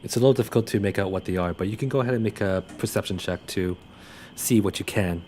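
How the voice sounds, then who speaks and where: Young male game master, very low voice, halting narration full of fillers, faint noise behind. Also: a little mellow.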